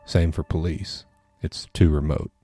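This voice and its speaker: Eerie blank ghost girl, hushed and flat, a man reading her lines. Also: a bass voice, measured pace, faint music behind. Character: eerie young woman ghost, blank and withdrawn.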